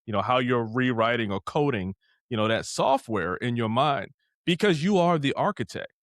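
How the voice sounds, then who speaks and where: Man, podcast host, mid pitch, laid-back, filler-heavy, dry room. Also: expressive, normal speed, a bit bright, no echo. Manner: casual, leans on "you know", asks probing questions. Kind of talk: conversational interview.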